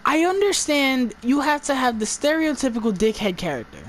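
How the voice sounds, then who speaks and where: A woman's voice: sits high, wildly swooping pitch, moderate pace, hardly any pauses, a little hiss or hum. A woman giving an exasperated, profane movie review, stumbling and restarting her words as she rants.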